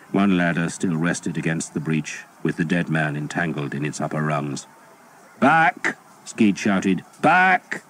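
A man reading a historical novel as an audiobook, in a steady, measured storytelling voice. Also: a bass voice, slight background noise. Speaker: audiobook narrator. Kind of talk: scripted audiobook narration.

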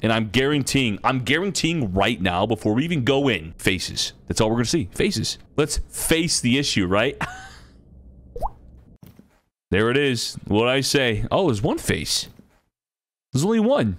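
A young man chatting over his gameplay, with a lively voice that swings up and down. He swears freely, laughs often and reads the on-screen text aloud. A faint background hum sits behind him. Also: medium pitch, measured pace. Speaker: gaming streamer. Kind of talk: casual game commentary.

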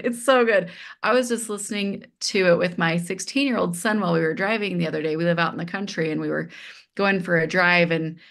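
A middle-aged woman speaks as a guest in a relaxed conversation. She tells stories with animation, slipping into the voices of the people she quotes. Her voice sits a little low for a woman. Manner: animated, acts out quoted dialogue, many fillers like "like". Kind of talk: casual conversational storytelling.

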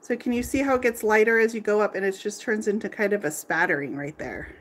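A woman with a mid-range voice talks quickly while hosting a live furniture painting demonstration in her workshop. A furniture painter and tutorial host, she walks through each step in a chatty way and laughs easily.

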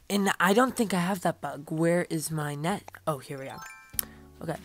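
A young woman chats her way through a cozy video game, dramatic and playful, tossing out quick asides. Her voice sits a little low, with faint game music behind her. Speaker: gaming channel host. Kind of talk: casual gameplay commentary.

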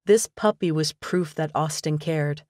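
A woman narrating a romantic comedy audiobook in an even, measured storytelling manner. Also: sits low, no room sound, clean studio sound. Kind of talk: scripted narration.

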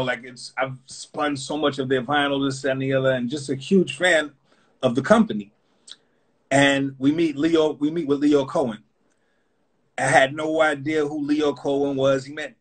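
A man's voice: medium pitch, slightly rough. A man, a rapper and interview guest, telling a story in a loose, rambling, casual way, full of fillers. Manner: loose and rambling, full of fillers like "you know what I'm saying".

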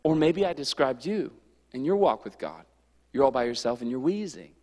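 A man preaching an energetic youth sermon as pastor, storytelling and acting out quotes with lively bursts. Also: mid-range voice, normal speed. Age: adult. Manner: animated, storytelling with acted-out quotes. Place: church sanctuary. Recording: church hall reverb.

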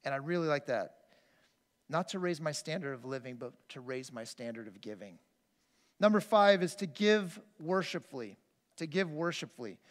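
High-voiced pastor in an echoing hall. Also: male voice, lively intonation, moderate pace. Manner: earnest, storytelling, frequent restarts. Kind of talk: conversational sermon with personal stories. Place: church sanctuary. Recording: long reverb of a church hall.

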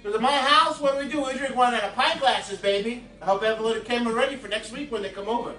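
A man's voice: extremely high pitch, quick pace, pushed and bright, recorded from a distance. A man hosting a casual home cooking video, rambling and cracking crude jokes at the viewers. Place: home kitchen. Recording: echoey room, from the camera, faint music. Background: music playing in the home.

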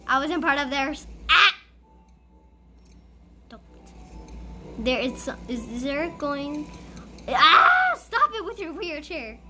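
A woman playing a school role-play game, talking excitedly through it and bursting into shrieks and giggles. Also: high-pitched, slow, pauses often, over music. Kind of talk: playful gameplay commentary.

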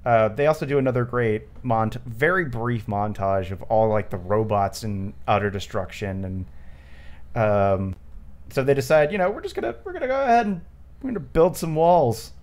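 A man's voice: mid-range voice, lively intonation, normal speed. A man hosting a casual movie commentary podcast, rambling with lots of fillers and frequent laughs. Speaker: podcast host.

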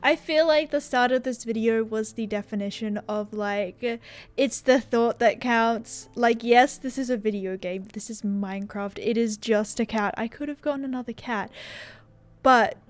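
A woman's voice: a little high, moderate pace, faint music behind. A young woman giving casual gameplay commentary, bubbly and gushing. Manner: bubbly and gushing, with many "oh my gosh" exclamations. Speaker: gaming YouTuber.

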